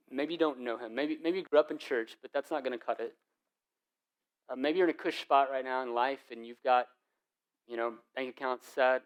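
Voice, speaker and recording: A young adult man, the lead pastor of a church, preaching a sermon in an animated, casual storytelling way with lots of slang. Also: mid-range voice, clean tone.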